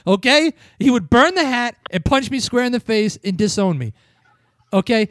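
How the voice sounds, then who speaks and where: A man's voice: very high voice, animated, measured pace, a bit bright, no echo, clean studio sound. A man from New England ranting profanely as a podcast host in a casual wrestling review chat.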